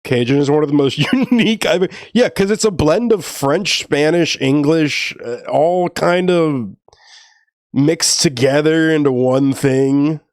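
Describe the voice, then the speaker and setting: A man's voice: on the high side, unhurried, a little mellow, dry recording, studio quality. A man from New Orleans chatting casually on a stream, rambling and laughing often as he tells stories. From New Orleans, Louisiana. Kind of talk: casual chat.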